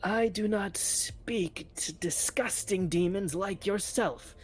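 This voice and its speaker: A man's voice: high voice, slow pace, breathy edge, pitched above the performer's own voice, exaggerated voice. Man putting on a sneering old sea hag. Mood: contemptuous.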